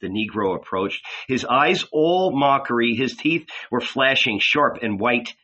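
Slow, expressive male reader. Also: medium pitch, muffled recording. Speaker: audiobook reader. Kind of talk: dramatic literary narration.

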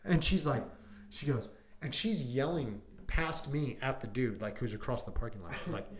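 Speaking at medium pitch and normal speed, the deputy, likely in his thirties, casually walks through a call during a podcast chat. He acts out what people said and leans heavily on "like" and "I go."

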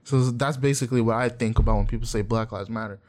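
Speaking fast at an ordinary middle pitch, a podcast co-host chats casually and tells stories with lively energy. He acts out the people he quotes, doing their voices, and swears freely.

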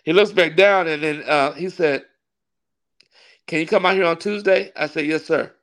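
A man, a pastor and wrestling ring announcer, telling a story in a casual interview, animated and laughing often as he acts out what others said. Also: a little high, normal speed. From California.

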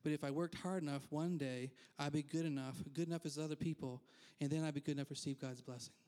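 Candid, higher-voiced male pastor preaching. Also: fairly even intonation, fast talker, dark tone. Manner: candid, self-deprecating, frequent asides. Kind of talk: conversational sermon.

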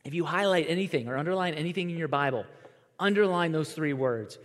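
Animated high-voiced pastor in a reverberant hall. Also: male voice, quick pace. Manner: conversational, animated storytelling with quoted voices. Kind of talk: sermon. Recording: long reverb of a large hall.

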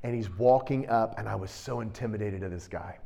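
A man preaching a sermon, shifting between quiet storytelling and loud, emphatic, direct challenges to his listeners. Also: fairly low pitch, a little fast, vocal fry. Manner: intense, direct, challenging delivery.

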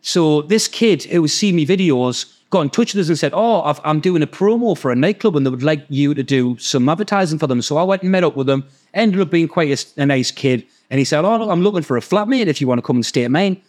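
Geordie bloke, chatty storyteller, fairly high-pitched, swears a lot and does everyone's voices. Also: male voice, lively intonation, quick pace, hardly any pauses, a little mellow. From North East England. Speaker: podcast guest storyteller. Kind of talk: casual storytelling.

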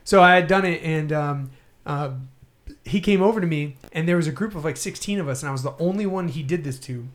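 A man's voice: on the high side, brisk. A man telling a long personal story in casual podcast chat, rambling and laughing often.

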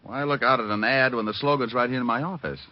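An actor playing a flippant, wisecracking private detective in 1940s radio acting style. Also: male voice, mid-range voice, fast talker, lightly acted. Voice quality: quippy, flippant. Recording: dull old radio recording with faint hiss.

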